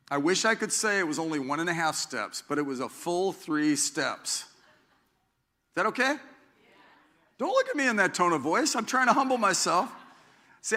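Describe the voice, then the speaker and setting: A man's voice: a little high, bright, forceful tone. A middle-aged man preaching a conversational sermon as pastor. He rambles with self-deprecating asides and frequent restarts.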